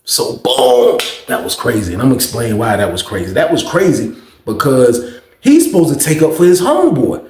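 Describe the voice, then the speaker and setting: Animated, profane male storyteller. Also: mid-range voice, normal speed, reverberant, slight background noise. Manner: animated, profane, acts out quotes. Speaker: storyteller host. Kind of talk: casual storytelling.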